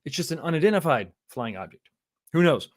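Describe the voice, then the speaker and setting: A chatty man in his forties from Texas, USA hosts a livestream, reading viewer comments in casual conversation. His slightly high voice is sing-song and fairly quick. Easygoing, he chuckles often and repeats phrases.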